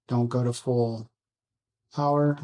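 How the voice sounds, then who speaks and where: A man hosting a casual build vlog, rambling softly to his viewers and himself while he works at a bench indoors. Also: medium pitch, steady tone, slow. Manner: soft, rambling self-talk with musing asides. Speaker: drone hobby channel host.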